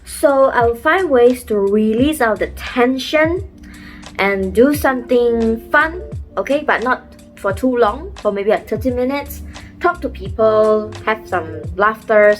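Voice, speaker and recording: Young woman vlogger, slightly high voice, earnest and coaching, acts out quoted thoughts, faint music underneath. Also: measured pace. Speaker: vlogger giving advice. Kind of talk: motivational talk to camera.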